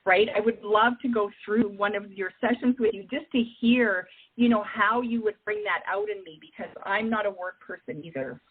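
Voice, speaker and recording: A woman's voice: mid-range voice, normal speed, few pauses, husky. A woman hosting an interview, asking rambling, chatty questions. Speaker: host. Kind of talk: interview conversation. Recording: tinny phone-like line.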